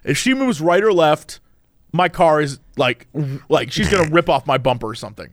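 A man hosting a casual chat, spinning a story in a high, lively voice that leaps up and down. He acts out the people he quotes in sudden bursts. The sound is dry and close. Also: normal speed, no room sound. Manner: animated storyteller, acts out quotes with big pitch jumps. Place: Los Angeles.

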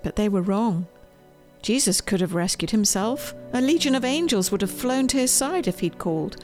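A woman reading aloud from her own children's storybook, gentle and expressive. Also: medium pitch, normal speed. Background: faint music.

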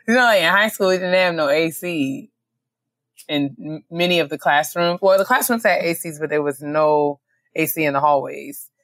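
Woman co-host, lowish voice, lively storyteller, dry close sound. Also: moderate pace, dry recording. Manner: animated storyteller, laughs often. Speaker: podcast co-host. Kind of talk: casual chat.

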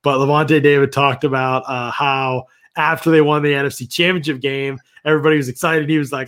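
A man co-hosting a sports podcast as a football analyst, talking casually and retelling stories with quick quoted lines. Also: medium pitch, flat delivery, a bit bright.

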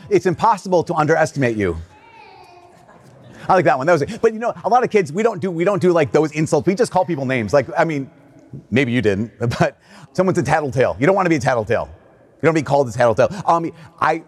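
A priest reading the gospel aloud and then preaching a casual, conversational homily. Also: male voice, fairly high pitch. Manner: reads scripture slowly, then talks casually with fillers and laughs. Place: church.

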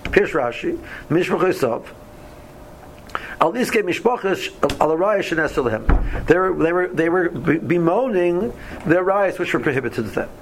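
Guy teaching torah class, kinda high voice, keeps repeating words, light hiss in the back. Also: animated, moderate pace, poor audio. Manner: many repeated words and restarts, reads Hebrew verses then explains in English. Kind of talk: casual Torah study class.

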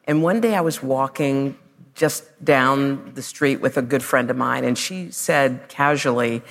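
A woman's voice: extremely low pitch, measured pace, creaky. Heartfelt woman host, hall echo. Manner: warm storytelling, emphatic and heartfelt. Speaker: TV host interviewing. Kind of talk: conversational interview on stage. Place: stage before a live audience.

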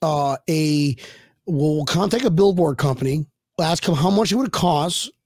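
A man with a fairly high voice co-hosts a sports fan podcast, rambling and restarting his sentences with hyped-up energy. He breaks into loud laughs and yells now and then. His voice is close and dry, with no room sound around it. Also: measured pace, no echo. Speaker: podcast co-host. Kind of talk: excited sports fan chat.

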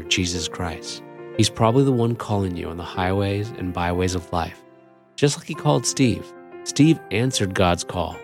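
A man hosting a radio program, reading scripted narration in a measured, rhetorical way. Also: on the low side, a little mellow. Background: music bed.

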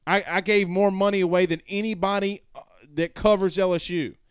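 A man's voice: sits high, fairly even intonation, fairly quick, clean tone, no echo, clean studio sound. A man hosting a sports stream, reading viewer comments in a rambling, folksy way and correcting himself often. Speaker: sports show host. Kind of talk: casual live-stream chat reading comments.

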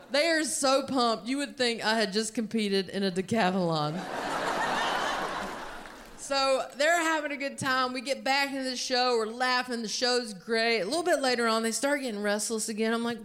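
A woman stand-up comedian telling a story on a theater stage with an animated delivery, exclaiming her punchlines into a handheld mic. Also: fairly high pitch. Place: theater stage before a live audience.

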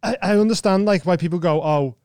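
A man hosts an easygoing podcast chat. His voice is smooth and a little higher than most men's. The room sounds dry. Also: lively intonation, brisk, darkish tone, no room sound. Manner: easygoing, agrees a lot. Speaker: podcast host.

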